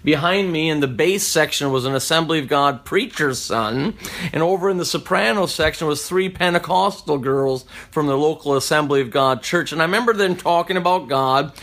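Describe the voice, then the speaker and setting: A man giving a personal conversion testimony in a reflective, unhurried way, often restarting his sentences. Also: a little high, a bit bright.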